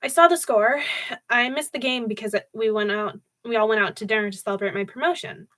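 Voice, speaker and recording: A woman's voice: fairly high pitch, fairly quick, fairly bright tone, close to an everyday voice. A young grown son answers his parents earnestly, read by a woman, with a slightly defensive edge. It is a plain storybook voice. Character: young adult son, patient but strained.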